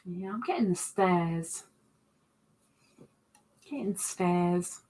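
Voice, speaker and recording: Lady on a home livestream, slow easy chat, pokes fun at herself, reads out the comments. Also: fairly low pitch, darkish tone. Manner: chatty and self-mocking, reads out comments. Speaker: livestream host. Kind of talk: casual livestream chat reading viewer comments.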